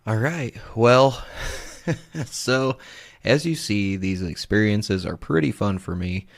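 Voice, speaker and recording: A man with a low, gravelly voice hosts a podcast. He narrates recorded clips in a loose, laid-back way and swears freely. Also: animated, measured pace. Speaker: podcast host.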